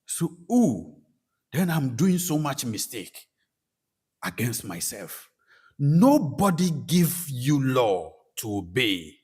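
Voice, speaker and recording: Ghanaian guy telling his spiritual story, husky voice, swings up and down a lot. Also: mid-range voice, slow. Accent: Ghanaian English. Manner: animated storytelling, acts out quoted voices. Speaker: spiritual practitioner and speaker. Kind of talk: personal testimony talk.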